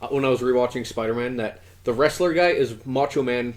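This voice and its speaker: A man's voice: medium pitch, brisk, darkish tone. A man in his twenties co-hosting a podcast, talking casually in a rambling way with lots of "uh" fillers. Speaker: podcast co-host. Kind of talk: casual chat.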